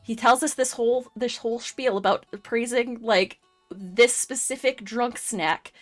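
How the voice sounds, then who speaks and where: A woman's voice: fairly high pitch, a little slow, soft background music. Laid-back woman telling a story. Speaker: chat show panelist. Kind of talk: casual anecdote telling.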